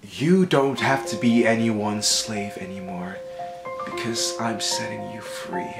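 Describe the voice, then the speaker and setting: A man's voice: lowish voice, slow pace, creaky, echoey room, over music. A young man hosting a comedy vlog, reading viewer comments aloud in a sassy, exaggerated manner. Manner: animated, swings between voices, sassy and exaggerated.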